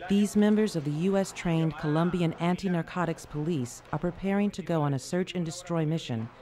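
A narrator reading a scripted documentary in an even, measured way. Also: mid-range voice. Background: music.

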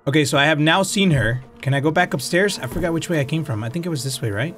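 A man playing a horror game and commenting, panicky and swearing, often shouting in fright and dropping Spanish exclamations. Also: fairly high pitch, fast, few pauses. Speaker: gaming streamer.

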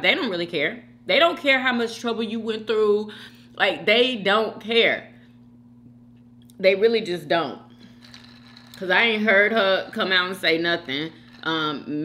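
Animated, bright-voiced woman chatting while eating. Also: mid-range voice. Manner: chatty, addresses viewers as y'all and girl. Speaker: mukbang vlogger. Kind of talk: casual gossip chat while eating.

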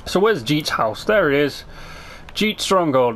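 A man's voice: a little high, sing-song, measured pace, fairly bright tone. A man hosting a let's play, chatting casually and rambling through his game commentary with self-mocking asides, sometimes reading game text aloud.

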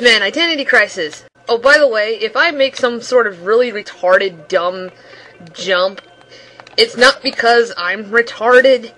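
Bright, excitable young woman gamer. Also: on the high side, moderate pace, faint music behind, rough recording. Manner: excitable, yelps and laughs at the game. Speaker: gameplay commentator. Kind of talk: let's play commentary.

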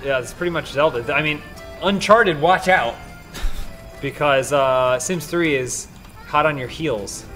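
A man's voice: fairly high pitch, unhurried, sharp tone. A man hosting a gaming show, making dry sarcastic jokes while commenting on the game. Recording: game music in background.

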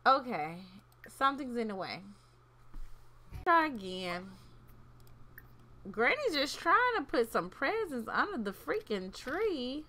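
A woman's voice: sits high, big pitch swings, slow, long pauses, sharp tone. A woman chatting playfully through a life-sim game, talking to her characters as she plays. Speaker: gaming channel host. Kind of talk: casual gameplay commentary.

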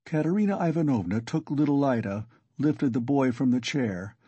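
A man narrating a classic novel as an audiobook, reading at a steady, measured pace. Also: medium pitch, slightly rough, no room sound, lo-fi sound.

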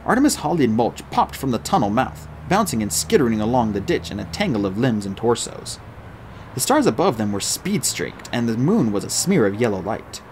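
A man reading a novel aloud as an audiobook narrator, with an animated, expressive delivery. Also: medium pitch, fairly quick, a little hiss or hum.

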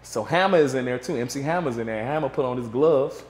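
A man's voice: medium pitch, fast, reverberant. A man guest in a casual interview, telling a story and acting out what others said. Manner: animated storyteller, acts out quotes.

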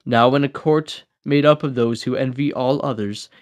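A man reads a classic book aloud in a steady, measured way, his voice sitting at a middle pitch. The reading is plain amateur audiobook narration with a few small slips and restarts. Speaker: audiobook reader.

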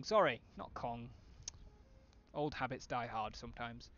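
A man's voice: mid-range voice, lively intonation, a little slow, a bit bright, dull audio. A man thinking aloud with wry asides as he streams a strategy game live.

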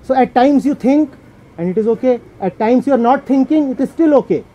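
A man's voice: extremely high pitch, expressive, brisk. A man from India with an Indian accent, a spiritual teacher answering a question at a talk, emphatic and repeating key words. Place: talk venue indoors. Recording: dull audio with faint noise.

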